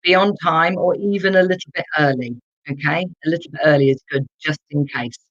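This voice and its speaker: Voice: medium pitch, brisk, fairly bright tone, no echo, dull audio. An English teacher giving a live online lesson, repeating key words for learners to copy and calling on viewers in the chat. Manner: addresses viewers in the chat directly.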